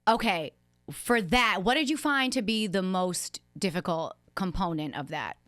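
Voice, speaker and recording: A woman's voice: medium pitch, animated, a little slow, a bit bright, no room sound. Playful woman podcast host, dry sound. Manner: playful, rambling, self-mocking asides. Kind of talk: casual chat.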